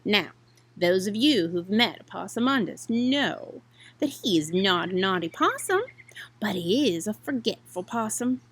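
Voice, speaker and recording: A woman reading a children's picture book aloud, expressive and talking to young listeners in asides. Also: mid-range voice, measured pace, husky. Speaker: storyteller.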